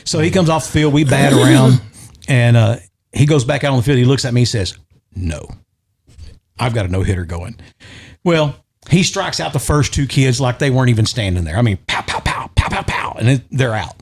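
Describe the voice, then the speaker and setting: A middle-aged man with a drawl tells a story in a relaxed podcast chat, at an ordinary middle pitch. He keeps it lively and jumps into the voices of the people in his tale. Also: normal speed. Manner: animated, acts out quoted voices. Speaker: podcast guest or host.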